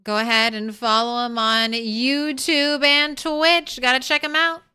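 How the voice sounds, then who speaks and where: A woman live-streaming a game, her voice bright and very clear. She talks unhurriedly in a fairly high register. She greets viewers by name and chats through her progress. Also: level tone, a little slow. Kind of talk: casual live-stream chat while gaming.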